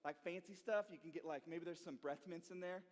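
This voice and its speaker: A young man who interns at a church, telling a story to a youth group in an animated way and often checking in with "okay?" and "right?". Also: a little high, fairly quick. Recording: long reverb in a hall.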